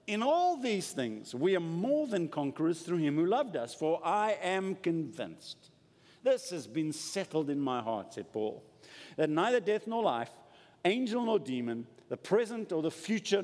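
A man delivers a sermon with emphatic, swinging delivery, his voice sitting a bit high and ranging widely. The sound carries a long reverb from a large church hall. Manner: emphatic, animated preaching. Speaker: preacher.

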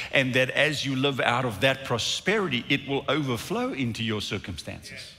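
A man preaching a sermon, his pitch rising and falling in wide swings. He moves between animated delivery and low, intense stretches, and the sound carries a long reverb from a large church auditorium. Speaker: pastor.

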